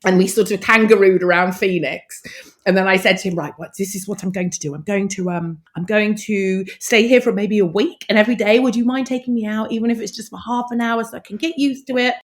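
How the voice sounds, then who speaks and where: A middle-aged woman, a podcast guest telling her story in a lively, expressive way and acting out past conversations. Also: mid-range voice, fairly quick.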